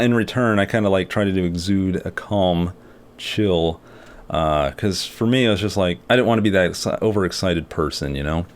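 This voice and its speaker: Rambling man telling a vlog story. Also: low voice. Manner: rambling, with many fillers and restarts. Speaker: artist and video creator.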